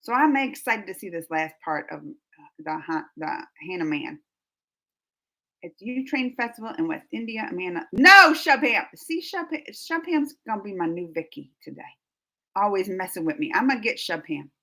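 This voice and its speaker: A woman's voice: lowish voice, lively intonation, moderate pace, vocal fry. A woman from New Orleans with a Southern US accent, chatting casually as she reads her live stream chat aloud, laughing often and trailing off mid-sentence. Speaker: YouTube reaction host reading live chat.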